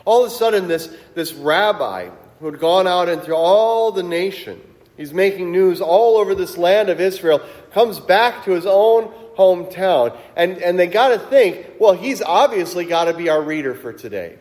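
A man's voice: sits high, unhurried, darkish tone, big-room sound. A man preaching a sermon as pastor, in a conversational storytelling way that builds to emphatic peaks. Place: church sanctuary.

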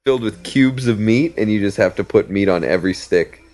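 A man's voice: on the low side, a little fast. A man, telling comic anecdotes on a casual podcast. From Canada. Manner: animated anecdotes with imitated voices. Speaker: podcast co-host. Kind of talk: casual comedic storytelling.

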